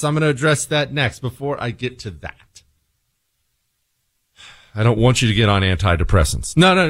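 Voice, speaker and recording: A man's voice: fairly bright tone, dry recording, clean studio sound. A man hosting a call-in radio talk show, brash and mocking in manner. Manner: brash, mocking, swings pitch wildly for effect.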